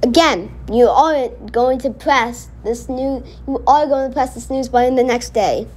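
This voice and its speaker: A woman's voice: sits high, measured pace, darkish tone, faint music behind. A woman giving casual reaction commentary, indignant and rambling as she talks back at a cartoon she is watching. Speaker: reaction video host.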